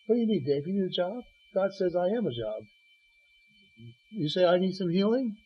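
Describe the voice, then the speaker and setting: On a dull, lo-fi radio broadcast, a guest preacher narrates Bible stories, quoting characters' dialogue and restarting with stammers. His high voice is slightly rough, with big pitch swings, and he talks a little fast.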